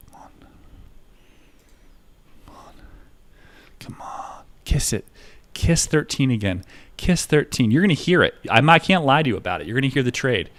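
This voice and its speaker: Rambling, profane low-voiced man. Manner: rambling, profane, many fillers. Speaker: livestreamer trading stocks. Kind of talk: casual live-stream chat.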